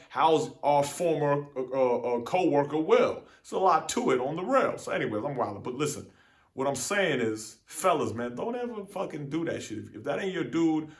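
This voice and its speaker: A young man talking straight to camera in a casual, profane monologue, venting with lots of repeats and fillers. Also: mid-range voice. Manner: animated, profane street talk, repeats "man". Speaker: vlogger.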